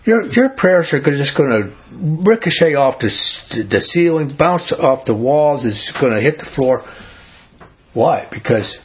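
A man's voice: on the high side, expressive, unhurried, slightly rough. A man leading a Bible study in an earnest, conversational teaching style, often asking his group questions. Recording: dull lo-fi recording.

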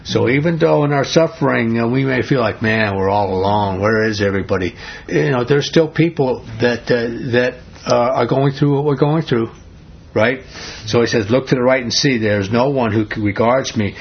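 Man, Bible study teacher, husky voice, reads scripture, quizzes the group, muffled lo-fi sound. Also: mid-range voice, normal speed. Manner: asks the group questions and reads scripture aloud. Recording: dull lo-fi recording.

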